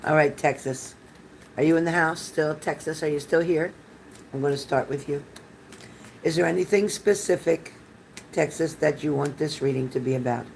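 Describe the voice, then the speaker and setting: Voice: mid-range voice, moderate pace, vocal fry, slight background noise, poor audio. Chatty older tarot reader, live stream. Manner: chatty, rambling, reassuring. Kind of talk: live-stream tarot reading to chat viewers.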